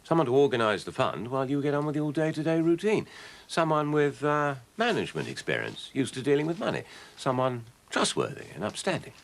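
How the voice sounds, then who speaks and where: Polite businessman: gravelly, very lively pitch, measured and courteous. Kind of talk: soap opera acting.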